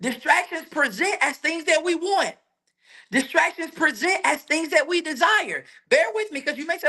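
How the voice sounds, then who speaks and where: A man preaching a sermon in a colloquial, energetic way, asking rhetorical questions and repeating his points. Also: extremely high pitch, normal speed. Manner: colloquial, laughs between points.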